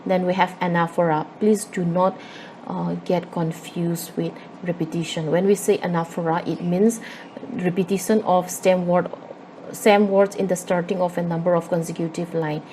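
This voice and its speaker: A woman's voice: on the low side, warm tone, poor audio. Manipuri-accented woman explaining a poem. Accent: Manipuri English. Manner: explanatory, with frequent fillers and repetitions. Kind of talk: classroom-style literature lesson. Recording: faint background noise.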